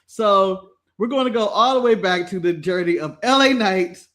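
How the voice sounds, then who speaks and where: A man co-hosting a podcast, chatting casually, animated and often laughing as he mimics people. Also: sits high, moderate pace. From United States. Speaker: podcast co-host.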